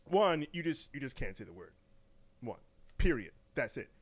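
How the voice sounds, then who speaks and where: A man co-hosting a gaming news podcast in casual, animated chat, laughing often, repeating words and using slang. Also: mid-range voice, moderate pace, breathy edge. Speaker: podcast co-host.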